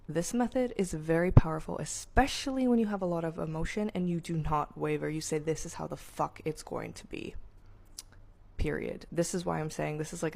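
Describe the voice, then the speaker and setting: A woman's voice: low-pitched, creaky, a little mellow. A woman talking straight to camera as a manifestation creator, blunt and emphatic, swearing freely. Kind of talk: casual direct-to-camera monologue.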